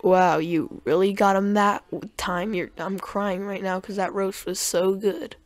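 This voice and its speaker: A woman's voice: mid-range voice, fairly even intonation, measured pace, very noisy. A young woman giving sarcastic, mocking commentary on clips, often tripping over her words. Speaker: commentary youtuber.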